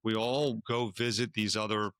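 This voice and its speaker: A man's voice: lowish voice, normal speed, no room sound. A man from the Washington, D.C. area co-hosting a casual podcast, telling stories and acting out the people he quotes. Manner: storytelling, animated when quoting others. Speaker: podcast co-host.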